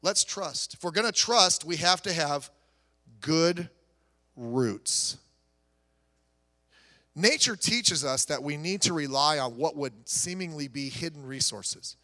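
A male pastor preaches in a high, bright, ringing voice. He pushes hard on key lines, then drops into a quiet, chatty tone. The sound carries the long echo of a church sanctuary. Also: expressive, takes it slowly, long pauses. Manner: emphatic preaching that drops to soft storytelling. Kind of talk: sermon.

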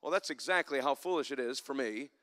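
A man preaching a sermon in church, climbing to loud emphatic passages and dropping to soft, reflective asides. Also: mid-range voice, animated, brisk. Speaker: pastor.

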